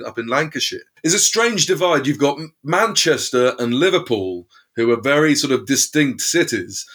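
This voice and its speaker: A man's voice: mid-range voice, fairly bright tone. A British man co-hosting a podcast, talking casually with many fillers and restarts. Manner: rambling, hesitant, many restarts. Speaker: podcast co-host and author. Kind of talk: casual conversation.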